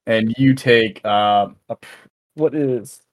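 A man narrating as game master in a tabletop game, halting with many fillers. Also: mid-range voice, dry recording.

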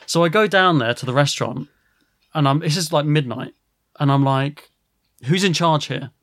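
A man, a podcast host, telling a rambling, animated story and swearing a lot. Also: fairly high pitch, normal speed, dry recording, clean studio sound. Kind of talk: casual storytelling.

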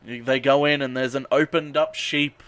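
A man's voice: medium pitch, fairly even intonation, moderate pace, a bit bright, smooth, no echo. A man on a podcast casually recapping a movie, swearing and rambling with lots of ums and uhs. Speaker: podcast host.

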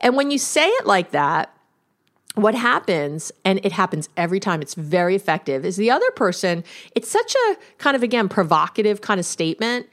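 A woman therapist talks through relationship advice on her podcast. Her voice sits in a middle pitch, and her manner is loose and conversational as she acts out sample exchanges between partners. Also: sing-song, brisk, a bit bright. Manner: conversational, acts out quoted exchanges, laughs now and then. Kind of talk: instructional podcast monologue.

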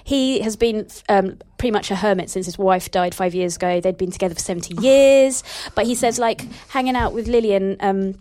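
A woman co-hosting a podcast talks a little fast with few pauses, in a medium-pitched voice with a dark tone. She chats casually and tells stories, using lots of fillers.

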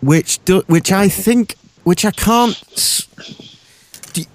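A man co-hosting a podcast, chatting casually and animatedly about TV shows, jumping between thoughts with quick asides. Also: sits high, no room sound. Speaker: podcast co-host.

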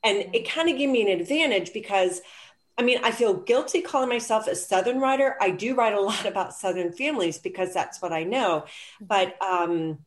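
A woman's voice: medium pitch, normal speed. Reflective, hesitant woman novelist. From Mississippi, US. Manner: reflective, hesitant, many fillers. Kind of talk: casual conversation about writing.

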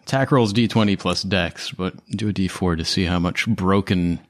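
A man's voice: sits low, normal speed. A man running a tabletop game as game master, explaining rules casually with some swearing.

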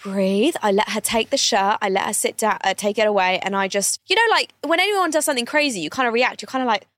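A young woman, co-hosting a podcast and telling an anecdote in a lively, animated way, acting out the other people's voices. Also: on the high side, quick pace, no room sound, studio quality. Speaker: podcast co-host. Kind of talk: casual storytelling chat.

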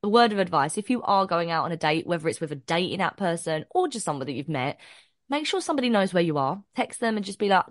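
A woman, co-hosting a podcast and telling an animated story full of swearing and acted-out quotes. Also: on the low side, quick pace, dry recording, studio quality. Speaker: podcast co-host. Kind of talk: casual storytelling chat.

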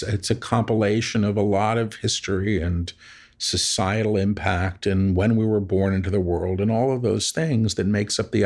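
A man being interviewed about his spiritual work, telling stories in a reflective, wry way. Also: on the low side. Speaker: interview guest, spiritual channeler. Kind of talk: conversational interview.

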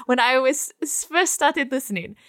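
A woman with a fairly high voice reads listener mail on a gaming podcast. She keeps laughing at herself, and her pitch jumps around. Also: lively intonation, normal speed, fairly bright tone, no room sound, studio quality. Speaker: podcast cast member. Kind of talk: casual chat, reading listener messages.

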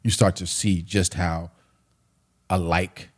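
A man from the United States with a somewhat low voice talks in a loose, conversational way. He tells stories with emphasis and plenty of casual slang. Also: slow. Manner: animated storyteller, slangy and emphatic. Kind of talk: casual chat.

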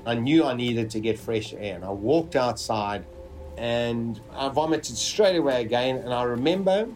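A man's voice: mid-range voice, expressive, darkish tone, faint music behind. Man telling a dramatic survival story. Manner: vivid, dramatic retelling with pauses.

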